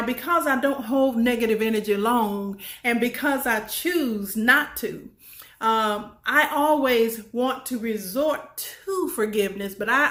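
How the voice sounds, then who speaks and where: A woman's voice: fairly high pitch, fairly bright tone. Woman doing a motivational talk, repeats herself, asks the crowd stuff, bit of an echoey room. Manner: emphatic and repetitive, folksy, asks the audience questions. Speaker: motivational speaker. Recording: roomy echo.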